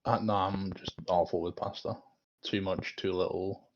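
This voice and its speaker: Halting man on a dull lo-fi mic. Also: sits low, level tone. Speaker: podcast guest. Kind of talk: casual chat. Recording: dull lo-fi mic with faint noise.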